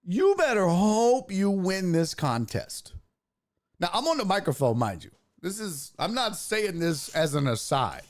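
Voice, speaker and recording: A man hosting a podcast, telling a comedic story in a profane, animated way and acting out what he said. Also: high voice, measured pace. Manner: profane, animated, acts out his own quotes. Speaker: podcast host.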